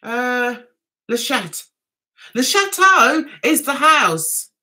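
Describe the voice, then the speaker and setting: Giggly, lively high-voiced woman. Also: very slow. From England. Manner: giggly, chatty, reads viewer comments aloud and answers them. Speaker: livestream host. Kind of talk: casual livestream chat.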